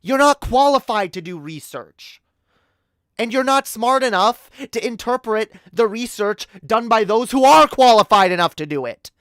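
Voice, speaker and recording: Her voice is a little high, animated and fairly bright, at a moderate pace. The Canadian streamer is in the middle of a heated, profane rant, stumbling often with restarts and repeated words. Studio-clean audio, with no room sound.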